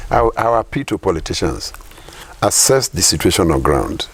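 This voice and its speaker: A man's voice: sits low, big pitch swings, normal speed, husky. A middle-aged Nigerian man giving political commentary in an interview, emphatic, firing rhetorical questions and repeating his points.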